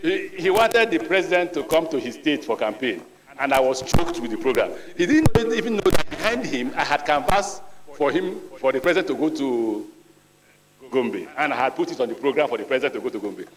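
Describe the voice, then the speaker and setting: A middle-aged man with a Nigerian accent answers questions at a senate screening, speaking in a plain, earnest manner with the odd anecdote. His voice sits at an ordinary middle pitch. The long echo of a large legislative hall hangs behind every phrase. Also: animated, brisk. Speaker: ministerial nominee. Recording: reverberant hall.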